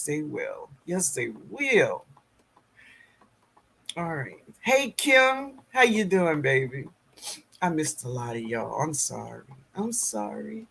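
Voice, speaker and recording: Husky, lively man hosting a live chat. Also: fairly high pitch. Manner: laughs often, chats with viewers by name. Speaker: gardening show host reading live chat. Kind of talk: casual live-stream chat.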